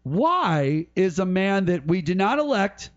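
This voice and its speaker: A man hosting a podcast, giving casual, mocking political commentary in an animated way. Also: sits high, a little slow. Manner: ranting, mocking, animated storytelling. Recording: dull lo-fi podcast audio.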